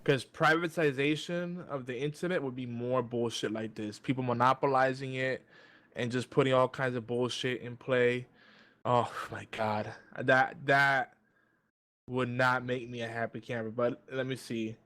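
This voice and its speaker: Joining a podcast over a video call, a male co-host rants in casual chat, swearing freely and stumbling through restarts. He speaks at a measured pace in a steady, mid-range voice with a fairly bright tone.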